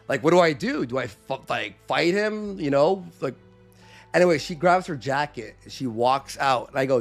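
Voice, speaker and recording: A man with a slightly higher voice tells a story on a live stream, lively and animated. He acts out other people's lines, dropping his voice low and then jumping back up. Faint music plays behind him. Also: moderate pace, creaky. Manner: animated, acts out quotes with shifting voice and volume.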